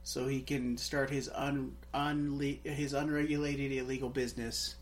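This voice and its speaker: A man's voice: mid-range voice, level tone, a little slow, slight background noise. A man co-hosting a casual film podcast, rambling through crude jokes. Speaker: podcast co-host. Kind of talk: casual comedic film chat.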